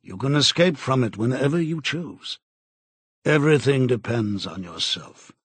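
A man voicing a cold, menacing male interrogator in an audiobook, speaking in a measured, contemptuous way. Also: medium pitch, expressive, husky, dry recording. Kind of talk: audiobook character reading.

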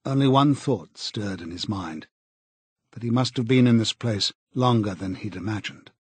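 A man narrating an audiobook in a grave, even storytelling manner. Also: fairly low pitch, moderate pace, breathy edge, dry recording.

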